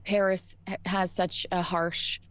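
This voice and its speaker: A woman's voice: on the low side, flat delivery, measured pace. Texan woman commentator, emphatic and indignant. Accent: Texas. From Texas. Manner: emphatic, indignant, rhetorical questions. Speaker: commentator guest. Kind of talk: opinionated commentary.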